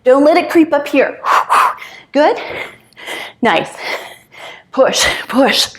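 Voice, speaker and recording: A woman's voice: high voice, lively intonation, extremely slow, long pauses. A woman in her fifties coaching a home interval workout, counting out moves and a little out of breath as she exercises along. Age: 50s. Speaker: fitness instructor.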